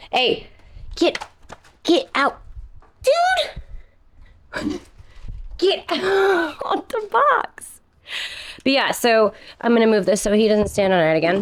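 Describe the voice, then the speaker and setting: There's no room sound as a young woman with a lowish voice chats her way through a plant care vlog. A giggly, chatty plant vlogger, she's slightly out of breath and addresses her plants in a soft voice.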